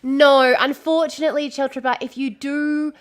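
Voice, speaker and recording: A woman's voice: high-pitched, steady tone, normal speed. A woman in a casual livestream chat, rambling and easily distracted as she shows a dress she is sewing, swearing freely. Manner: talks while showing a dress she is sewing. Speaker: streamer.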